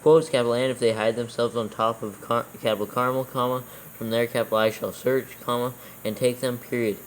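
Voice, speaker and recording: A man reading scripture aloud word by word for proofreading, calling out every comma and capital letter in a steady, even way. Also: medium pitch, fairly quick, slight background noise, low-quality recording. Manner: steady, even reading, calls out punctuation marks. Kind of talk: dictating text with punctuation.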